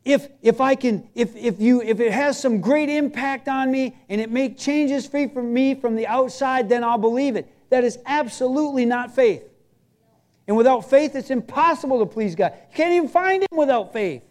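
A man's voice: extremely high pitch, moderate pace, darkish tone. A man preaching a sermon as pastor, telling a personal story in a conversational, emphatic way.

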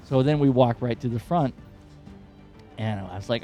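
A man hosting a podcast, telling a personal story in a rambling, animated, profane way. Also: mid-range voice, normal speed, soft background music. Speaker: podcast host.

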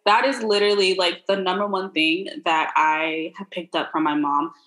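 A woman's voice: on the low side, moderate pace, low-quality recording. Blunt, swearing young woman chatting. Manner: blunt, swears freely, lively storytelling. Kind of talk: casual chat.

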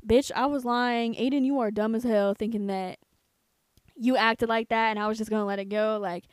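Profane storytelling woman, high voice. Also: moderate pace, clean tone, no echo. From United States. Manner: profane, animated, quotes herself and others. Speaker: podcast co-host. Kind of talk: casual storytelling.

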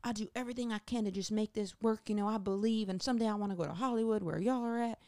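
A woman's voice: medium pitch, racing, darkish tone, dry recording, clean studio sound, voice pushed up, natural voice. Woman imitating a gushing country actress. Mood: earnest gushing. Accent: Southern US, rural Louisiana. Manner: gushing, breathless, sincere. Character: earnest, eager country woman, aspiring actress.

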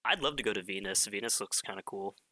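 A man with a lowish voice and a bright, forward edge, chatting on a casual podcast. He talks in halting bursts, restarting his sentences as he searches for words. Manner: hesitant, many fillers and restarts. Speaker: podcast co-host. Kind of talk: casual chat.

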